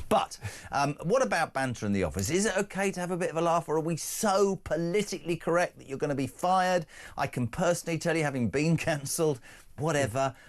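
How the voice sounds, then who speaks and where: A man hosting a radio breakfast show, ranting and joking in brash, opinionated banter. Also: fairly low pitch.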